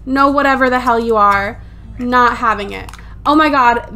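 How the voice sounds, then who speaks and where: A woman with a high voice rattles off casual gameplay commentary. She is exasperated and swears freely, breaking into laughs along the way. She is recorded on a desktop USB microphone at home. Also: moderate pace, bright, forceful tone. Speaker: let's play gamer.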